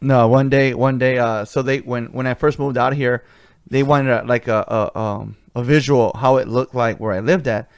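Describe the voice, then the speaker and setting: A man's voice: medium pitch, steady tone, normal speed, clean tone, no echo, studio quality. A man hosting a podcast, telling rambling anecdotes in casual chat and acting out quoted dialogue with energy. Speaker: podcast host.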